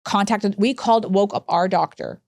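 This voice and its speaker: A woman's voice: mid-range voice, gravelly, no echo. A woman who runs a hospice, telling a long story in a podcast interview and acting out the dialogue as she goes. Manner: fast, animated storyteller who acts out dialogue. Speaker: hospice chief operating officer.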